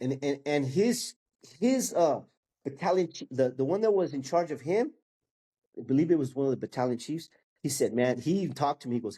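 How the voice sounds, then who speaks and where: A man's voice: fairly high pitch, expressive, brisk, mellow, breathy edge. A man in his fifties, a guest sharing his testimony in casual storytelling, acting out the people in it and dropping "bro" and "man" as he goes.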